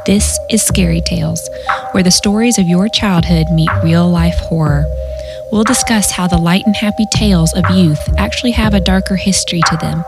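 A woman with a lower-pitched voice reads a scripted podcast intro in a measured way. Music plays clearly underneath her voice. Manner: measured, read-aloud delivery. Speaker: podcast host.

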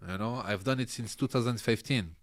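A middle-aged man, a podcast guest telling animated stories in broken English and laughing often. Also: medium pitch, brisk. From France. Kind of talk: casual interview chat.

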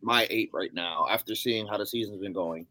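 A man co-hosting a casual sports podcast, emphatic and quick to push back, saying bro a lot. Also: lowish voice, bright, forceful tone. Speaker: podcast co-host.

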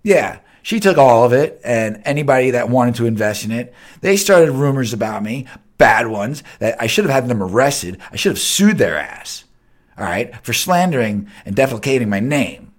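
A man hosting his own podcast, ranting heatedly with lots of swearing, jumping between loud outbursts and low mutters. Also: sing-song, normal speed. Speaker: podcast host. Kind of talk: unscripted solo rant.

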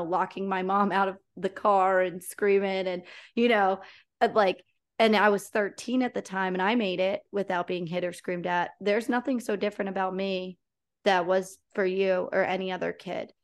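A woman hosting a podcast, chatting casually and telling personal stories with plenty of fillers. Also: medium pitch. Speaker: podcast host. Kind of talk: casual conversational interview.

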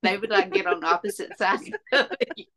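A woman co-hosting a casual podcast, reacting with animated exclamations and telling family anecdotes. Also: medium pitch, moderate pace. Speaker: podcast co-host. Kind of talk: casual chat.

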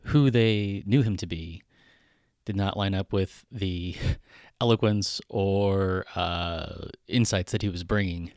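A man's voice: low-pitched, slow, a little mellow, no room sound, clean studio sound. A man preaching a conversational sermon in a casual, irreverent way. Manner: casual, irreverent, with frequent fillers and restarts. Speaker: pastor.

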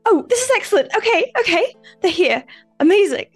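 A woman's voice: very high-pitched, big pitch swings, a little fast, faint music behind. A woman playing at a tabletop game, speaking in character in a flustered, rambling and effusive way. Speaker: player.

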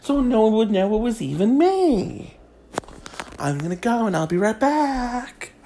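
A woman's voice: fairly high pitch, very animated, a little slow, dark tone, slight background noise. A woman host giving a crude comedic monologue, snarky and gossipy.

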